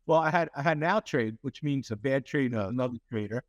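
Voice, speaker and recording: Animated storytelling man, dry studio sound. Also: medium pitch, fairly quick, no room sound, highs cut off. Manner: animated, acts out quotes, many fillers and restarts. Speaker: company CEO, guest. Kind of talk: storytelling interview.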